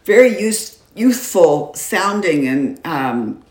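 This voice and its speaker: An older woman hosting a podcast, asking questions in an expressive, halting way. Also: on the low side. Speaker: podcast host. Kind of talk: casual interview chat. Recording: roomy sound.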